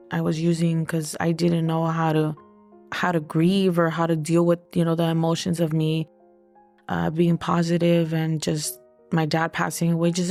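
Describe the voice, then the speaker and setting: A young adult woman telling her own life story in a halting, hesitant way, full of fillers. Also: on the low side, gravelly, a little mellow. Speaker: podcast guest sharing her story. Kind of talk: personal testimony.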